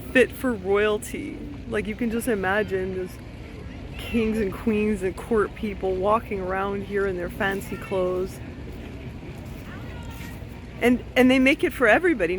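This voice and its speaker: Gushing woman vlogging in a noisy park. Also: mid-range voice. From Canada. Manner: gushing, exclaiming, chatty. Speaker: travel vlogger. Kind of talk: casual walking vlog. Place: outdoor city park. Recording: outdoor park noise behind.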